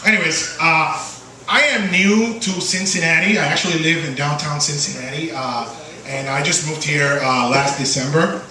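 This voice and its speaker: A man's voice: fairly high pitch, normal speed, background noise. A man with a Puerto Rican accent doing a stand-up comedy set in a small bar, playful and teasing the crowd. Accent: Puerto Rican Spanish. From Puerto Rico. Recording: distant, echoey bar recording. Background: crowd laughter.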